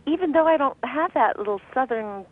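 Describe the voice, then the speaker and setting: A woman voice actress talks as a phone-in guest on a radio show, playful and bubbly. Her voice sits a little high, with a husky edge. It comes through a muffled, dull telephone line. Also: animated, brisk, no echo. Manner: bubbly, playful, laughs often. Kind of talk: casual radio interview.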